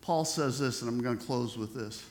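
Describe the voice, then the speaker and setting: A man's voice: mid-range voice, moderate pace, a little mellow. A man preaching a sermon as pastor, emphatic and repetitive, building intensity on key phrases. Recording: echoey church hall.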